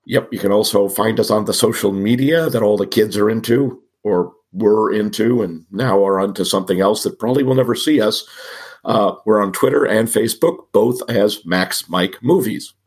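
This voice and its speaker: Raspy man with a cold. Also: fairly low pitch, normal speed, a little mellow. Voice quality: raspy, gravelly. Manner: wry, self-mocking asides. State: has a cold. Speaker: podcast co-host. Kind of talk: casual podcast chat.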